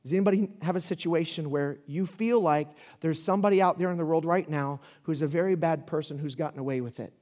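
A male pastor with a high-pitched voice delivers a sermon in a loose, conversational way. He talks to the crowd directly and climbs into loud, fiery shouts. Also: fast talker, hardly any pauses. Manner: animated, conversational preaching with rising shouts.

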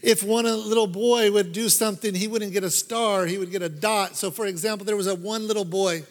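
A preacher telling a parable to his congregation, his voice high for a man. He swings from loud to hushed, and every line rolls through a long hall reverb. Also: steady tone, brisk. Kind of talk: storytelling sermon.

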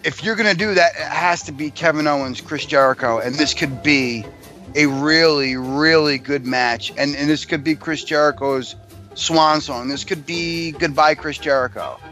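A man co-hosting a wrestling podcast in casual chat, blunt and quick to get angry. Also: fairly high pitch, bright, forceful tone, faint music behind. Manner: blunt, gruff, the angry one. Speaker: podcast co-host.

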